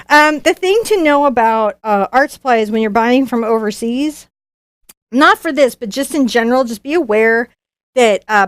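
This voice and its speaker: A woman's voice: fairly high pitch, no room sound, studio quality. A woman, a professional artist, hosting a live unboxing, chatting in a bubbly, gushing way. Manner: bubbly, gushing, quick bursts of excitement. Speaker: professional artist and YouTube host.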